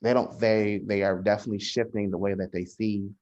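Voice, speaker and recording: Low-voiced man with dull lo-fi sound. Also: fairly even intonation, a little mellow. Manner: measured, frequent restarts and hesitations. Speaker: social worker guest. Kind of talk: casual podcast conversation.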